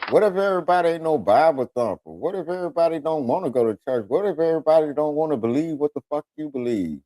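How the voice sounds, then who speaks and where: Against a noisy background, a man's fast, rather high voice carries his radio talk show. He animatedly tells off-color, humorous stories, regularly imitating the voices of others.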